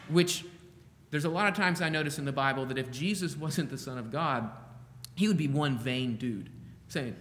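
Man as preacher, thinks aloud, slightly high voice, long hall reverb. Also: big pitch swings, normal speed, a bit bright. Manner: musing, thinks aloud with asides and rhetorical questions. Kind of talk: conversational Bible teaching.

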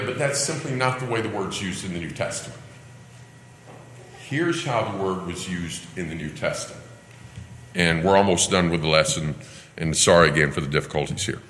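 Bible class teacher, man, bright lively delivery, strong hall reverb. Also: fairly low pitch. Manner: emphatic, asks rhetorical questions. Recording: echoey hall with long reverb.

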